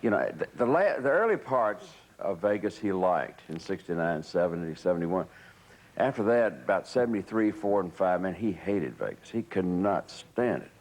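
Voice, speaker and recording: A man's voice: low voice, lively intonation, normal speed. An older man, looking back in an interview, wry and chiming in on others' stories. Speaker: interviewee, former entourage member. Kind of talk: reflective reminiscence.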